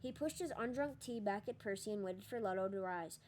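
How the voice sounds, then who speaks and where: A woman reads an audiobook aloud in a steady storytelling voice. Her narration is even and measured, keeping the tale moving. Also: mid-range voice, a little hiss or hum. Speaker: audiobook reader.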